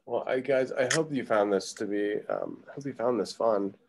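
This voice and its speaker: Art teacher, male, low voice, easygoing live-demo patter full of ums. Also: normal speed. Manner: relaxed, thinking aloud with many ums. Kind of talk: casual live drawing lesson.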